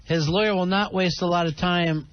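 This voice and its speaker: High-voiced teasing radio host. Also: male voice, steady tone, moderate pace. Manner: teasing, reads listener messages aloud. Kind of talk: casual radio banter. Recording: dull radio broadcast audio with faint hiss.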